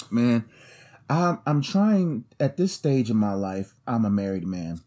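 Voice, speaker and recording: A young man co-hosting a podcast in casual chat, animated and slangy, often acting out other people's voices. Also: mid-range voice, takes it slowly. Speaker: podcast co-host.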